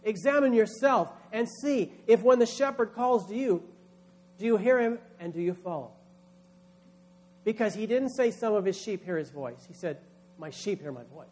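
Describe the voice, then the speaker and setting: A man's voice: sits high, lively intonation, moderate pace, darkish tone. A man, a pastor, preaching a sermon with emphatic delivery, acting out quoted voices.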